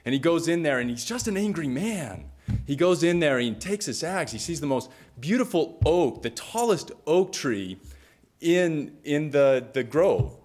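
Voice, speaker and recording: A man's voice: a little high, very animated, a little slow, a little mellow. A man giving a storytelling talk, retelling a myth dramatically with lots of repetition. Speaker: speaker.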